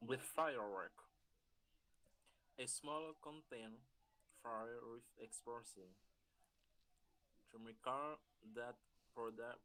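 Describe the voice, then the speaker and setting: Quiet man student reading haltingly. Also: medium pitch, rough recording. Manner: reads haltingly, word by word.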